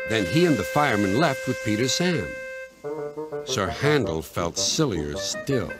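Man narrating a gentle children's story. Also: lowish voice, sing-song, measured pace, music in the background.

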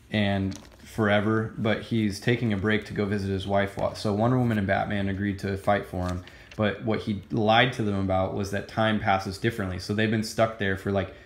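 A man's voice: lowish voice, brisk, roomy sound. Rambling guy gushing over comics. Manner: rambling, lots of fillers and restarts; excited, gushing. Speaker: comic book reviewer. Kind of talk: casual video review.

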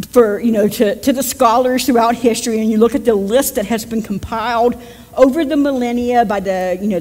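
A woman's voice: fairly high pitch, a little mellow, in a large hall. A woman pastor with a West Virginian accent, giving a conversational sermon and joking with her congregation. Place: church sanctuary.

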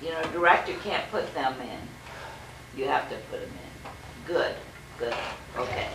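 An acting teacher giving relaxed, encouraging notes after a scene in class. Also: medium pitch, moderate pace, loud music behind the voice. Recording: distant and roomy with noise.

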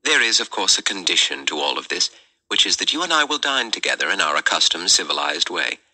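A man voicing a polished British gentleman in disguise, speaking in a courteous, formal manner. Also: low voice, very animated, a little fast, heavily acted.

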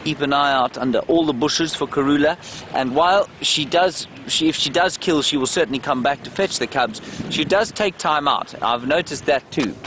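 Driving an open safari vehicle outdoors, a guide hosts a live game drive, chatting and answering viewer questions. His voice is fairly high and fairly bright at a moderate pace. His clip-on mic sometimes slips, and there's a little hiss or hum.

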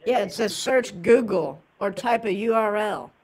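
A man's voice: sits high, voice pushed up. A man playing a confused elderly woman caller. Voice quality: halting, full of ums. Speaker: scam-baiting caller.

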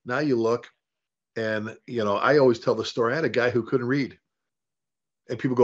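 In a dull, lo-fi interview recording, a middle-aged man who leads in the fire service spins animated stories, voicing the dialogue he quotes and frequently starting sentences over. He speaks at medium pitch, a little fast, with long pauses.

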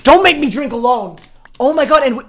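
A man streaming a game live, chatting with viewers, excitable and quick to laugh. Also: extremely high pitch. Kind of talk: live gaming stream chat.

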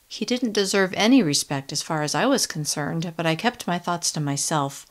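A woman reading a first-person young adult novel in a steady, measured audiobook narration. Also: lowish voice.

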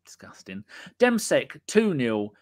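Lively podcast host with banter. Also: male voice, medium pitch, takes it slowly. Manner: cheeky, sweary, jokey banter. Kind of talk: casual live-stream chat.

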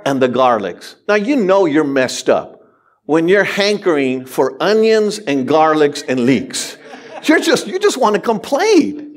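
Animated high-voiced preacher. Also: male voice, measured pace. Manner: animated, talks straight to the congregation with humor. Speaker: pastor. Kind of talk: sermon. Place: church sanctuary.

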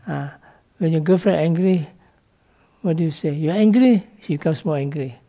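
He speaks at a moderate pace in a dark, somewhat high voice with fairly even intonation. The speaker is a monk giving students a dharma talk in casual, non-native English, frequently adding "no?" to check they understand and laughing a little.

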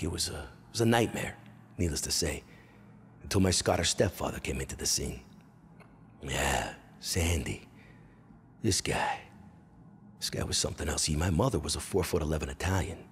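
A male comedian telling stories from his youth on stage, profane and animated. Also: low voice, creaky, slight background noise. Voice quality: profane, animated, quick shifts into character voices. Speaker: stand-up comedian. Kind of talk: stand-up storytelling. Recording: long echo of a hall.

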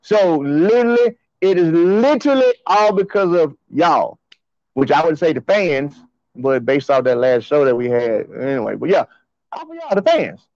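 Hyped high-voiced man hollering to fans. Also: sing-song, moderate pace, darkish tone, no room sound, lo-fi sound. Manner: hyped, hollering, slangy and repetitive. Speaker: host of a track and field show. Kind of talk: excited livestream talk to fans.

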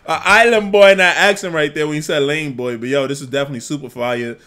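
Young male reactor, slightly high voice, excitable and rambling, casual street slang. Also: fast, hardly any pauses. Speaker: music reaction channel host.

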